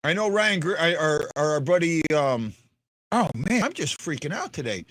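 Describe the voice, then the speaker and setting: A man's voice: on the high side, very animated, normal speed, fairly bright tone, dry recording. A man hosting a live fan stream, chatting loosely, joking and talking to viewers in the chat by name. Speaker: livestream host.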